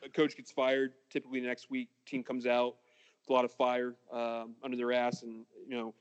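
Flat-voiced man with muffled sound. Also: medium pitch, moderate pace, clear, resonant tone. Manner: laid-back, hesitant with many ums. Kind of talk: casual sports talk.

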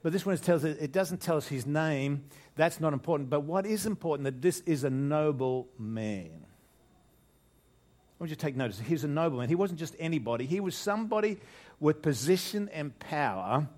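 An older man delivers a sermon to his church in a relaxed, conversational way. His voice sits a little high for a man. He repeats himself, starts phrases over, and keeps turning to the congregation with rhetorical questions. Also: moderate pace. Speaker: preacher.

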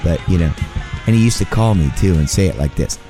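A man's voice: deep voice, expressive, fast, music in the background. A middle-aged man telling rock touring stories in a laid-back, laughing way. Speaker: guest drummer. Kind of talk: casual interview storytelling.

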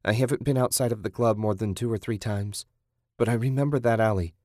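A man's voice: on the low side, brisk, darkish tone, no echo, clean studio sound, lightly acted. A man voicing a frightened young woman on the run, anxious and pleading.

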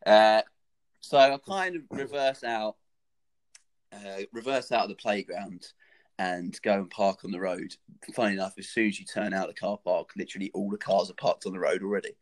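A young man telling a funny anecdote in a casual, animated, sweary way, laughing along as he goes. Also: on the low side, normal speed.

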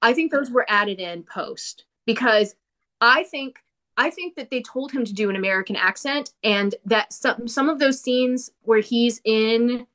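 A woman talking casually about a movie she watched, animated and opinionated, with quick asides. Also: a little high. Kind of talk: casual movie review chat.

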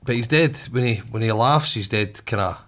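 A man's voice: mid-range voice, normal speed, fairly bright tone. A man with a Glaswegian accent telling a story in casual chat, laughing often and swearing freely. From Glasgow, Scotland.

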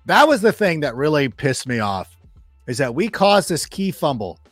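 A man with a lively, swooping pitch talks football as a studio guest. He tells his stories with flair, acting out what people said and swearing freely. The sound is dry and close, with faint music under it. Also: moderate pace, no room sound. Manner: animated storyteller, acts out quoted remarks, swears freely. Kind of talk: casual sports chat.

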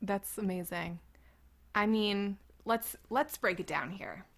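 A woman's voice: mid-range voice, slow pace, vocal fry, a bit bright. A woman co-hosting a podcast, chatting casually, rambling through tangents and laughing often. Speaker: podcast co-host. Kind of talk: casual chat.

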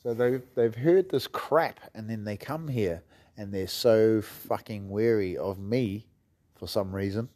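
A man's voice: fairly low pitch, a little slow, darkish tone. A man with a New Zealand accent, a martial arts gym coach telling stories in a casual, rambling way and swearing freely. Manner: swears freely, loose rambling delivery with fillers. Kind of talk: casual storytelling chat.

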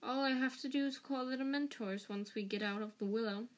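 A woman's voice: fairly high pitch, close to an everyday voice. A woman doing a silky, spiteful male professor. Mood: menacing. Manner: slow, soft, silky menace.

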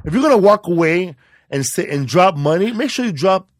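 A man co-hosting a podcast, telling a rowdy story in loose, profane casual chat that breaks into loud excited bursts. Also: high voice, brisk, no room sound, clean studio sound. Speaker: podcast co-host.

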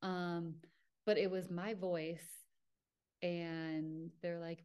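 A young adult woman hosts her own podcast, sharing a personal story in a fairly low, clear and resonant voice at an extremely slow pace. She's chatty and leans heavily on fillers, livening things up by acting out quotes.

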